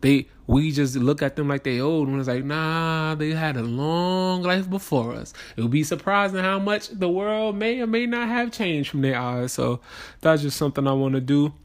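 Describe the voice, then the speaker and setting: A man's voice: fairly high pitch, normal speed. A young man hosting a casual solo podcast, talking in a rambling, slangy way and sounding tired. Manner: rambling and slangy, with many restarts and shout-outs. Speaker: podcast host.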